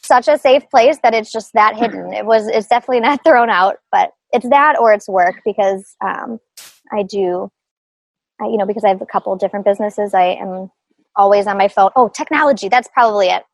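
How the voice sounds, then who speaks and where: A woman's voice: mid-range voice, fairly quick, creaky, no room sound, low-quality recording. A middle-aged woman talking casually as an interview guest, laughing often and full of fillers and restarts. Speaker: guest, group practice owner.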